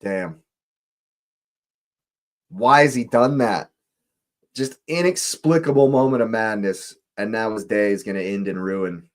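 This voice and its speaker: A man hosting a live football watch-along, reacting to the match in disbelief and repeating his phrases. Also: on the low side. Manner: exasperated, repeats phrases, slow deliberate delivery.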